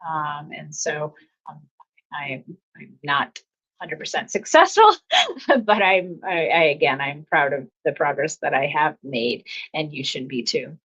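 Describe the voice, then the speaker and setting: A woman's voice: deep voice, fairly even intonation, a little slow, fairly bright tone, breathy edge. A middle-aged woman hosting a casual self-help talk, speaking earnestly and often repeating her phrases. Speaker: host. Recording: slightly dull lo-fi audio.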